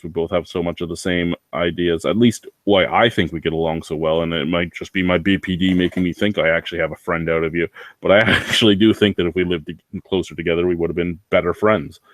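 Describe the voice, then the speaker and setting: A man's voice: low voice, no room sound. A man ranting in a casual vlog, rambling, swearing and sounding anxious. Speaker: vlogger.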